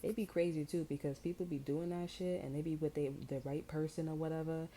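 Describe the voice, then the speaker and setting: A woman's voice: sits low, quick pace, few pauses, mellow, slight background noise, low-quality recording. A woman tarot reader in slangy, rambling casual chat, amused and full of fillers. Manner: amused, breaks into laughter.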